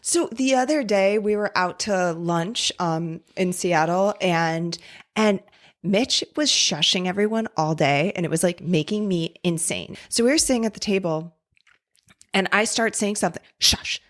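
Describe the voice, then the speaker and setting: A woman's voice: lowish voice, normal speed. A woman co-hosting a casual podcast, blunt and exasperated, swearing freely as she tells her own stories. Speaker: podcast co-host. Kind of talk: casual chat.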